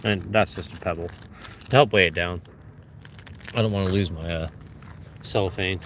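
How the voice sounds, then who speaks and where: Excitable man hunting fossils outdoors. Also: sits low, normal speed, a little hiss or hum. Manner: excitable, bursts into glee over finds, talks to viewers. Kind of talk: casual talk to camera while searching. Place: outdoors on a hillside trough.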